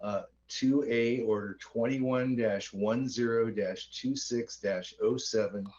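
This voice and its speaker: A man's voice: mid-range voice, fairly even intonation, takes it slowly, a little mellow, lo-fi sound, a little hiss or hum. A man chairing a county board meeting, moving through the agenda in a procedural, lightly self-deprecating way.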